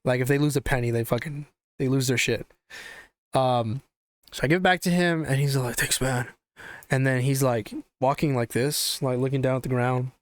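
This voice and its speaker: A young man hosts a casual podcast, spinning a rambling, swear-filled story with lots of restarts. His voice is smooth and resonant at a middle pitch. The sound is dry and close, with no room echo. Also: moderate pace. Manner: profane, animated, rambling with restarts. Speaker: podcast host.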